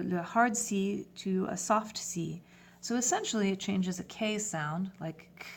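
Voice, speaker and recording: A woman teaching a French lesson in English, giving clear step-by-step instructions. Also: medium pitch, darkish tone. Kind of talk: classroom lesson.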